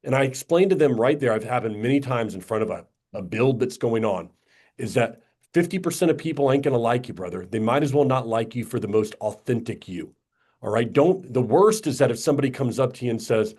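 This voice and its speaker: A man speaks as a guest on a podcast in a casual, blunt way. He acts out little quoted exchanges and drops casual swear words. His voice sits at an ordinary middle pitch. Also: expressive, a little fast, darkish tone, breathy edge. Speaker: podcast guest, media company owner.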